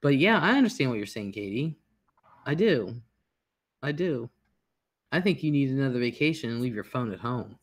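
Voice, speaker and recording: A man hosting a livestream, talking calmly and reassuringly in casual chat. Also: medium pitch. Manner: calm, reassuring, deliberate. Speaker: livestream host.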